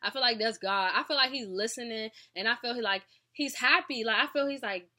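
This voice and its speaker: A woman's voice: a little high, a little fast, few pauses, bright, forceful tone. A young woman talking earnestly and casually to her viewers in a video diary, sounding tired and sleepy. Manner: chatty, earnest, addresses viewers as y'all. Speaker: vlogger.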